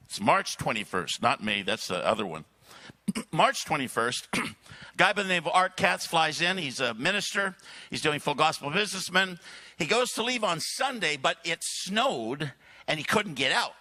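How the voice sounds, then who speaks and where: A man speaking at a church service, telling a long story with lively asides and frequent throat clearing. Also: on the high side, unhurried. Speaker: guest speaker. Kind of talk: sermon storytelling.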